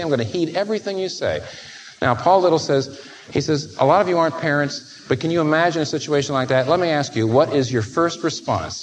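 Male preacher, mid-range pitch, very expressive delivery, faint background noise. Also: poor audio. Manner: animated, swings from soft to emphatic, acts out quoted voices. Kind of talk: sermon.

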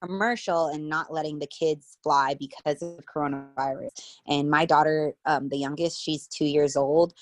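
A woman's voice: low voice, fairly even intonation, moderate pace. A woman in her thirties with an American accent, chatting casually as an interview guest, full of fillers. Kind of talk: casual conversation.

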